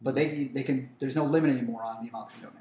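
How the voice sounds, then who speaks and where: A man on a casual podcast who talks fast, laughs easily and stumbles over his words. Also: mid-range voice, steady tone, warm tone, echoey room, low-quality recording. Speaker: podcast co-host.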